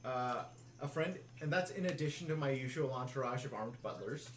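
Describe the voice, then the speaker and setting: Lively-voiced hesitant player man, noisy room. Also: mid-range voice, a little fast, reverberant. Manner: hesitant, full of restarts, laughing. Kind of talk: casual tabletop game chat.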